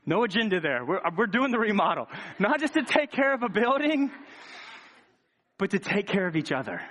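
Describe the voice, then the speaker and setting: Impassioned high-voiced preacher. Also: male voice. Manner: impassioned, rhetorical questions, repeats words. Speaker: pastor. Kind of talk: sermon.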